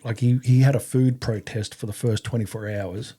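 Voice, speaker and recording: A man's voice: mid-range voice, steady tone, normal speed, dark tone, husky. A man in his fifties with an Australian accent, an army veteran guest telling stories casually, rambling with fillers and casual swearing. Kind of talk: casual storytelling in an interview.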